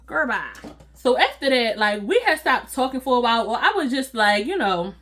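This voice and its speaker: High-voiced woman telling a story, laughing. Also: normal speed. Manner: animated and slangy, laughing often. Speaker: storytime vlogger. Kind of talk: casual storytelling to viewers.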